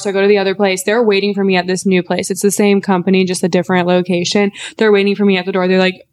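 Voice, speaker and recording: A woman in her twenties, a podcast co-host, telling a story in casual chat, animated and acting out quotes, swearing freely. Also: mid-range voice.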